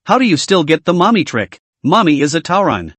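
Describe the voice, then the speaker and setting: A man's voice: fairly high pitch, very animated, a little fast, a bit bright, dry recording. A man voicing a ghost mother who dotes on and mocks her son, in a cooing manner, as part of a recap reading. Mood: mocking. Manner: cooing, doting, mocking. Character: sweetly menacing ghost mother, woman.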